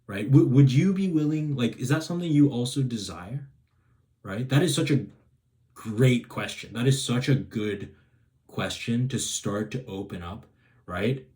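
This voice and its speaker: A man delivers casual advice in a self-help video, a little slowly, with a medium-pitched, darkish voice. He rambles, starts sentences over and checks in with "right?".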